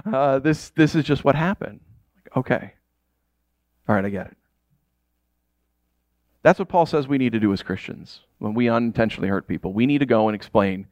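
A man in his thirties from upstate New York preaching a sermon, telling personal stories with lively, acted-out reactions. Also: medium pitch, fairly quick, long pauses, no room sound. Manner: animated storytelling, acts out shouted reactions. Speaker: pastor.

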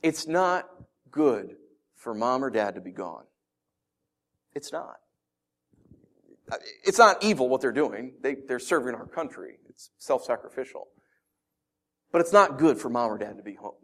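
A man's voice: medium pitch, measured pace, long pauses. A man preaching a conversational sermon, telling stories and asking his listeners rhetorical questions. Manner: animated storytelling with rhetorical questions. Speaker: pastor.

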